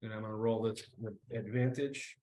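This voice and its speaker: A man running a tabletop game as game master, talking in a halting way with many fillers. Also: lowish voice, steady tone, warm tone, reverberant, poor audio.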